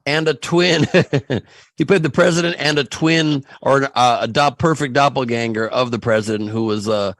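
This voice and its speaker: A man hosting a casual comedy podcast, greeting guests and tossing out deadpan wisecracks. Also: mid-range voice, normal speed, vocal fry, dry recording. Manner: dry, wisecracking. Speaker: podcast host.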